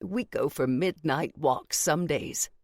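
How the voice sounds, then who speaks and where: A woman voicing an affectionate, gently teasing grandmother over sixty. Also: low voice, takes it slowly, no room sound, studio quality. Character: warm, mischievous old grandmother.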